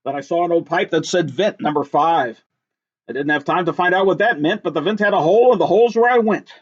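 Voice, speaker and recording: A man reading a rhyming picture book aloud in a lively, sing-song, rhythmic way. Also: high-pitched, fast talker, slightly rough. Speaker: reader. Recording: dull lo-fi recording.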